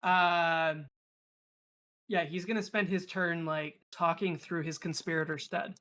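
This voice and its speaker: A man's voice: on the high side, fairly even intonation, unhurried, pushed and bright. A young man narrating as game master, rambling with lots of fillers and restarts.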